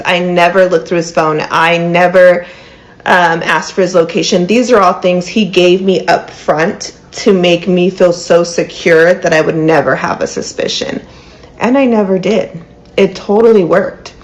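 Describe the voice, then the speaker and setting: A woman in her thirties, appearing in a played clip, tells a personal story to camera in an earnest way, peppering it with "like" and "um." Her voice is lowish with vocal fry. The recording quality is low.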